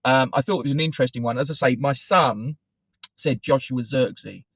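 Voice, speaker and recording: A middle-aged man hosts a football fan channel, talking fairly quickly to camera in a casual, rambling way that digresses and corrects itself. His medium-pitched voice is husky and a bit bright. The recording is dry and slightly dull.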